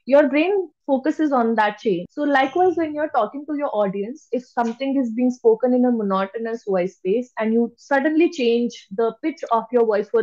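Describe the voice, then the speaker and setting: Emphatic woman trainer, muffled. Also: a little mellow. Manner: emphatic, deliberately shifts pitch to stress words. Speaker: public speaking trainer. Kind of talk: lecture to an online audience.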